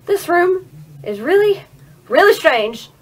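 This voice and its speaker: A nervous young tenant who reads his game lines flatly, as a woman voices him. The voice sits high and light, with no real disguise. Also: slow, heavily acted. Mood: uneasy. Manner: reading game dialogue flatly.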